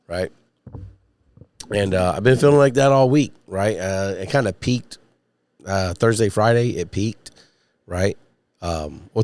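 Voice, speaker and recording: Speaking a little slowly with long pauses, the podcast host has a low, darkish voice that still sounds worn from being sick. He rambles and curses while chatting with viewers during a casual solo livestream, using a studio mic and podcast mixer.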